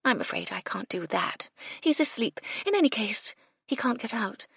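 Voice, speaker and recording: A woman voicing a mystical, condescending bohemian woman who speaks in drawn-out, mysterious murmurs. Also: fairly high pitch, very animated, vocal fry, fairly bright tone, breathy edge, no room sound, studio quality, voice pushed up, exaggerated voice. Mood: eerie.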